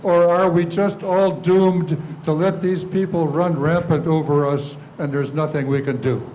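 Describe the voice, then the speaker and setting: A man's voice: a little high, fairly even intonation, a little mellow, slight background noise, poor audio. Earnest man asking from the audience. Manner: earnest, measured questioning. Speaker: audience member asking a question. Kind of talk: asking a question at a public seminar. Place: church hall.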